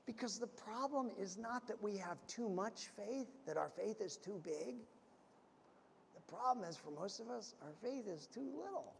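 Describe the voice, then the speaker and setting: A man preaching a sermon as pastor, telling stories and swinging from loud to hushed. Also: high voice, animated, moderate pace, gravelly, a little hiss or hum. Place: church sanctuary. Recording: reverberant church hall.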